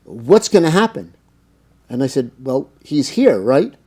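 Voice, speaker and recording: A man's voice: medium pitch, big pitch swings, a little slow, mellow, husky. A middle-aged American man, an interview guest who tells long anecdotes in a casual, rambling way, full of fillers and acted-out quotes. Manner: anecdotal, lots of fillers, acts out quoted dialogue. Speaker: interview guest, cannabis business owner.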